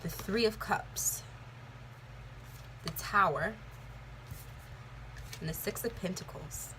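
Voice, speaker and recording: A woman's voice: mid-range voice, takes it slowly, noisy background. A young woman giving a casual tarot reading, talking candidly and rambling, with plenty of swearing. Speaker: tarot reader.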